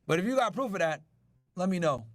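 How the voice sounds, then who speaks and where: Brash high-voiced male podcast host. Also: sing-song, fairly quick, no echo, soft background music. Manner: brash, profane, talks to chat. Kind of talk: casual chat reacting to news.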